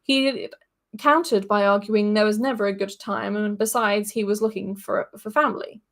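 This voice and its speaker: A woman's voice: medium pitch, steady tone, moderate pace, a bit bright. A woman hosting a podcast, reading a fantasy story aloud and breaking off now and then for casual asides.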